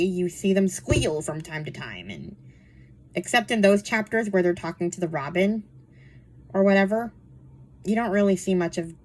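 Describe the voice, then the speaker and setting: A slightly husky young woman talks about books in a loose, rambling way. Her pitch rises and falls a lot. She fills her sentences with fillers and laughs often. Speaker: book reviewer. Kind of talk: casual chat.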